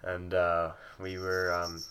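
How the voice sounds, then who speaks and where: A man's voice: deep voice, completely flat delivery, slow pace, fairly bright tone, a little hiss or hum. A young man, probably in his late teens, telling a casual story at home, rambling with lots of fillers and swearing freely. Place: at home with a cat nearby.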